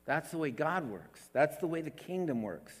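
A man's voice: a little high, very animated, normal speed. Emphatic preaching man in a reverberant hall. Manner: emphatic, repeats words, swings between loud and hushed. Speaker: pastor. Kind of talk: sermon.

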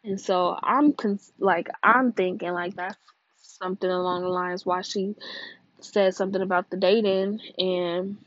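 A young woman from California hosting a casual gossip podcast on her own, rambling and cursing freely while high and sleepy, her voice swinging between loud bursts and low mumbles. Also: steady tone, unhurried, no room sound. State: high and drowsy. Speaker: podcast host. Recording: dull dry lo-fi sound.

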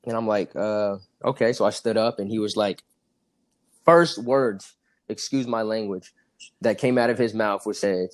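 A man's voice: on the low side, normal speed. A young man from California telling his story as a podcast guest, acting out the dialogue and laughing often. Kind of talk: casual storytelling.

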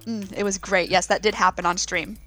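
A woman in her thirties, a podcast co-host, chatting casually and telling stories with lively laughs. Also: medium pitch, brisk. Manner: animated storytelling with laughs. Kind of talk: casual chat.

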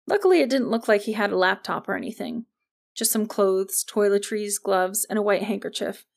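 Gravelly woman narrating an audiobook. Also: mid-range voice.

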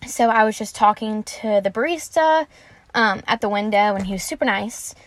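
In a casual faith talk to camera, a young Christian vlogger chats earnestly about her beliefs at a moderate pace. Her mid-range voice has no echo, she uses many fillers such as "um" and "like," and she turns animated when she retells conversations.

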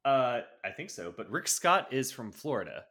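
A man's voice: mid-range voice, very animated, moderate pace, sharp tone. A man co-hosting a podcast, reading news items aloud with sarcastic, wry asides in a casual chat. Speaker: podcast co-host.

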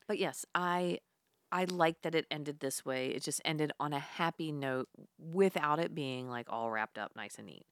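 A woman's voice: deep voice, measured pace, fairly bright tone, clear, resonant tone, no echo. A woman co-hosting a casual chat, retelling a film's plot with laughs and casual swearing. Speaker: podcast co-host. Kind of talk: casual film recap chat.

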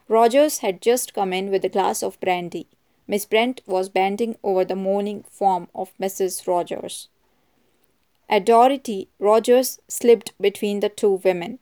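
A woman narrating a mystery novel as an audiobook in a measured, even manner. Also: medium pitch. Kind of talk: audiobook reading.

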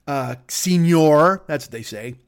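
A man's voice: fairly high pitch, expressive, quick pace. A man riffing in a profane, rambling comedic rant on a podcast, slipping into silly voices. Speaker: podcast host.

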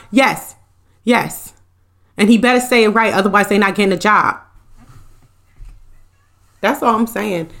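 A young woman hosting a podcast, chatting casually with live viewers, joking and swearing and laughing often. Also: on the high side. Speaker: podcast host.

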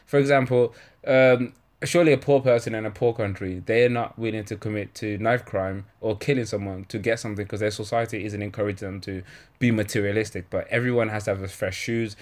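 A man's voice: fairly low pitch, fairly even intonation, fairly quick, a little mellow. A man hosting a podcast in casual chat, joking and blunt, swearing freely. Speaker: podcast host.

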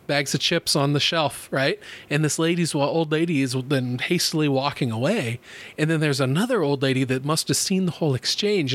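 A podcast host in his thirties tells stories in a casual, animated way, laughing often and swearing freely. His voice sits on the high side.

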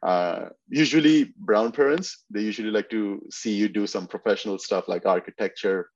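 A man's voice: on the low side, normal speed, dull audio. A man guest on a podcast, chatting casually and telling long stories with restarts. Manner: storytelling, lots of restarts and fillers. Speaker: bodybuilder guest.

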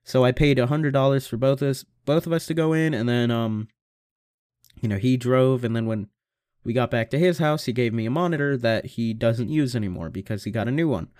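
A man's voice: medium pitch, brisk, a little mellow, no room sound, clean studio sound. A young man in his late teens hosting a casual solo podcast from a home mic setup, rambling and swearing with self-mocking humor. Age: young adult. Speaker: podcast host. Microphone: home computer microphone.

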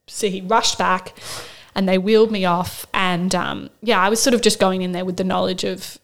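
Young woman, podcast co-host, candid and chatty, filler-heavy storytelling, mid-range pitch. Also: steady tone, a little fast. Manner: candid, rambling, many fillers and "like". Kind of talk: casual storytelling chat.

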